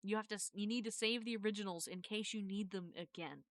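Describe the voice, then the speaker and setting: A woman's voice: mid-range voice, quick pace. A woman streamer in casual live chat, explaining a process in a rambling way, often correcting herself. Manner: rambling, self-correcting, thanks viewers. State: has hiccups.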